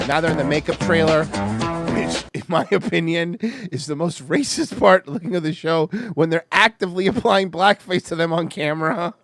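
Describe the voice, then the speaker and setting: A podcast host in casual, profane commentary on a show clip, animated and rambling, often laughing. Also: mid-range voice, unhurried, long pauses, soft background music. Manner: animated, rambling, laughs a lot, swings loud and soft.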